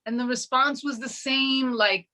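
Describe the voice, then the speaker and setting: A middle-aged woman sharing her personal testimony in an interview, telling her story with animated energy and acting out what people said. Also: high voice, unhurried. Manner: animated, acts out quoted dialogue.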